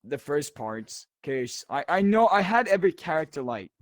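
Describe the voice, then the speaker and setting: A man's voice: on the high side, big pitch swings, moderate pace, no room sound, studio quality. A young Swedish man, English as a second language, with a Swedish accent mixed with Australian and British, chatting loosely and laughing often as a podcast guest. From Sweden. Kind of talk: casual chat.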